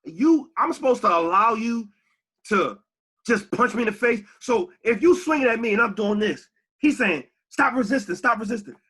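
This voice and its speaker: Male podcast co-host, bright husky voice, very lively pitch, heated and profane. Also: moderate pace. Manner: animated, profane, rises to shouts when angry. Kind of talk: heated casual podcast talk.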